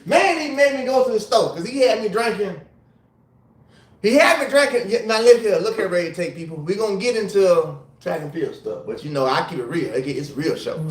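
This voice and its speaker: A tipsy man hosting a casual livestream, ranting in an animated, rambling, profane way. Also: high voice, echoey room. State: tipsy from drinking. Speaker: livestream host and former sprinter. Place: hotel room.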